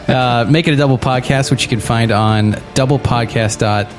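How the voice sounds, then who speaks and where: A man's voice: mid-range voice, moderate pace, faint music behind. A man hosting a podcast in casual chat, teasing his guests and laughing a lot. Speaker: podcast host.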